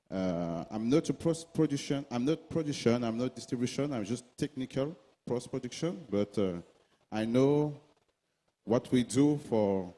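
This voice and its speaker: A man with a French accent speaks simple broken English in a mellow, dark tone. His voice rings with long reverb in a large hall. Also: mid-range voice. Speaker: post-production CEO. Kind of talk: panel speech.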